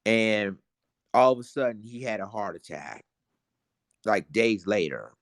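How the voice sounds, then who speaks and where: A man's voice: lowish voice, lively intonation, measured pace, no echo, clean studio sound. A man vlogging emotional commentary, indignant and repetitive, talking straight to his viewers.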